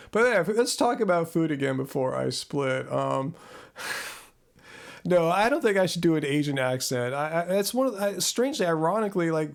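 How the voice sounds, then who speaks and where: Gravelly, chatty man from Southern California. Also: on the high side. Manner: chatty, laughs often, repeats words as he restarts. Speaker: host. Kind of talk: live-stream Q&A chat. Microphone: own microphone.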